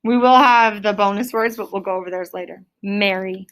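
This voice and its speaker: A woman teaching a third grade class in a classroom, sounding out spelling words slowly and clearly. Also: mid-range voice, fairly even intonation, fairly bright tone. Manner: clear, drawn-out word sounding. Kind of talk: classroom phonics lesson.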